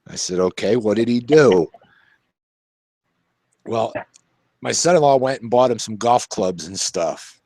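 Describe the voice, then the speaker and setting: A man's voice: lowish voice, animated, measured pace, long pauses, warm tone, no echo. An older man hosting a casual talk show, telling folksy stories and laughing often. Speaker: show host.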